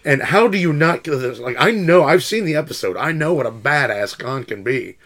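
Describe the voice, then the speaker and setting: Guy ranting slow about plot holes, voice going up and down, swears. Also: fairly high pitch, animated, a bit bright. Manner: slow, exasperated, profane. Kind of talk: casual film chat.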